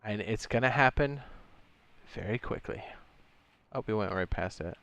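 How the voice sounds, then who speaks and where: Man, gaming streamer, young adult, excitable, chatty, casual commentary, clear voice. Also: on the low side, moderate pace. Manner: excitable, chatty, reacts with sound effects.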